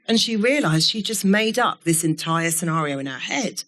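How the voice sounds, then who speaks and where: A middle-aged woman giving a keynote talk to a live audience, telling stories in a candid, animated way and swearing now and then. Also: on the low side, normal speed, few pauses. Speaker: keynote speaker. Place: event studio before an audience.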